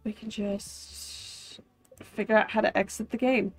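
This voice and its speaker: A woman's voice: mid-range voice, fairly even intonation, a little slow. A woman streamer chatting casually while playing a game, giggly and trailing off with ums. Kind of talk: casual gaming stream chat.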